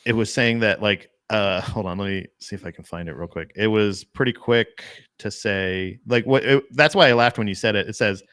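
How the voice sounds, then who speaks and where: A man's voice: lowish voice, moderate pace, few pauses, fairly bright tone, no echo, studio quality. A young man co-hosting a podcast, rambling casually about a film with laughs and swearing. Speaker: podcast co-host.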